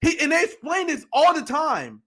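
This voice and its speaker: A man hosting a political commentary show, heated and profane, reacting with outrage and bursts of shouting. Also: extremely high pitch, huge pitch swings, moderate pace. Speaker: show host.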